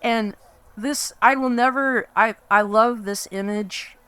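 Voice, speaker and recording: A woman's voice: a little high, steady tone, slow, fairly bright tone, smooth, dry recording. A woman in her fifties giving a fond, rambling reminiscence at a memorial gathering. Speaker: memorial speaker. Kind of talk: reminiscing speech.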